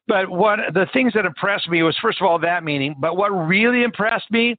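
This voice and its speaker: Brief: high-pitched male podcast host, eager storyteller, tinny phone-line sound. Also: moderate pace, dry recording. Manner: animated, repeats himself, acts out quotes. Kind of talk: enthusiastic interview storytelling.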